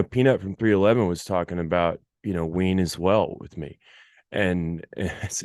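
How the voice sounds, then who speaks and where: A man's voice: low voice, darkish tone, clear, resonant tone, dry recording, clean studio sound. A man hosting a show, interviewing a guest in an enthusiastic, laid-back way and speaking directly to his listeners. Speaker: radio show host.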